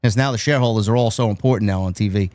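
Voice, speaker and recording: A man with a New York accent, hosting a casual wrestling podcast and loosely retelling the show's events with quick quoted asides. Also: fairly low pitch, darkish tone, no echo. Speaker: podcast host. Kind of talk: casual wrestling recap chat.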